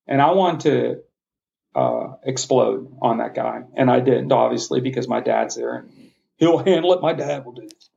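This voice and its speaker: Podcast guest, middle-aged man, gravelly voice, earnest storyteller, slightly muffled lo-fi sound. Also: medium pitch, mellow. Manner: heartfelt, passionate, halting restarts.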